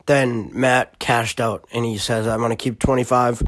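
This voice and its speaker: Young male podcast host, Boston accent, mid-pitched, rambling and crude, dry close recording. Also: flat delivery, normal speed, no room sound. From Massachusetts. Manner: rambling, profane, full of fillers. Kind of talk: casual solo podcast chat.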